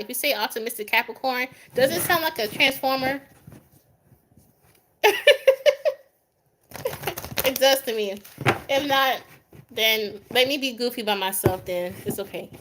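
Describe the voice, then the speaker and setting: Woman, young adult, tarot reader on a live stream, chatty, goofy, laughs a lot, fairly high voice. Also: pushed and bright, slight background noise. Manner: chatty, goofy, laughs often, addresses viewers by name.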